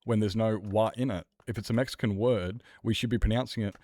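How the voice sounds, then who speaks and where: A man with a lowish, warm voice talks briskly and with fairly even intonation in a dry recording. As a livestreamer, he chats casually with viewers during gameplay, rambling and arguing with occasional swearing.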